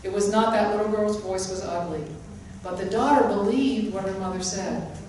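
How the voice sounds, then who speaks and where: A woman's voice: medium pitch, moderate pace, darkish tone, slight background noise. Woman teaching in an echoey hall. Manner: emphatic, repeats key phrases. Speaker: spiritual teacher. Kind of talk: sermon-style teaching. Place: hall of a spiritual center. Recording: echoey room, mic at a distance.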